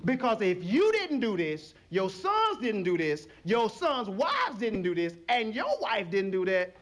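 Animated high-pitched male preacher. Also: measured pace, few pauses. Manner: animated, acts out voices and call-and-response. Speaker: pastor. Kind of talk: sermon. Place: church sanctuary.

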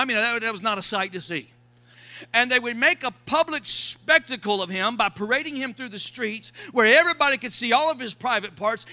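A man preaching a sermon as pastor, shouting lines and calling for responses from the congregation. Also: extremely high pitch.

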